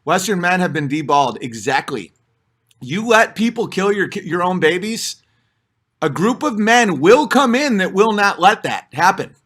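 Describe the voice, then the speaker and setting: A man's voice: sits high, expressive, a little slow, fairly bright tone, husky. A man in his thirties, a comedian hosting his own show, ranting in a blunt, profane, rambling monologue.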